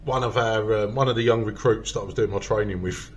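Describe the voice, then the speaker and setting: A man's voice: lowish voice, fairly even intonation, fast talker, slight background noise. A man hosting a comedy podcast, telling a rowdy story in casual chat and swearing freely. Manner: swears a lot, loud storytelling with acted quotes. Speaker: podcast host.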